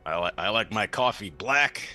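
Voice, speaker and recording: A man's voice: fairly low pitch, expressive, normal speed, pushed and bright, soft background music. A man playing in a tabletop game, chatting casually and joking in a laid-back way. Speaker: player.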